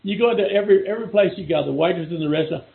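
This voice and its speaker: Texan man, middle-aged guest, gravelly, rambling with restarts, phone-thin audio. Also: high voice, rapid-fire, narrow, tinny audio. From Texas. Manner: rambling, many restarts and repeated words. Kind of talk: casual chat over a call.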